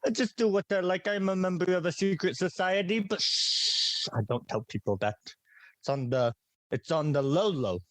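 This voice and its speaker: A man's voice: high-pitched, moderate pace, fairly bright tone, dry recording. A man playing a tabletop game, introducing his character in a playful, teasing way. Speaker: player.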